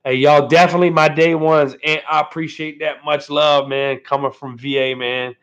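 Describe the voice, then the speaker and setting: A laid-back man chats with his viewers on a live stream from home, thanking them over and over and tagging "man" onto his phrases. His voice sits a little high for a man, and the stream audio sounds dull and lo-fi. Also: level tone, normal speed, a bit bright, clean tone.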